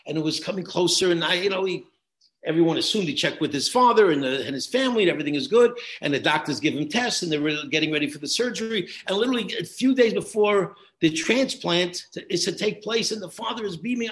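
A man teaching high school students, telling a story in a conversational way with many restarts. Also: lively intonation, brisk, a bit bright.

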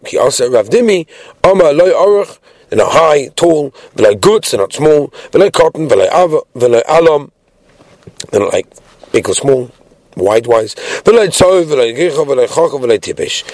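Guy teaching talmud, mixes hebrew into english, keeps asking questions, higher voice, dry. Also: darkish tone, dry recording. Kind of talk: daily Talmud class.

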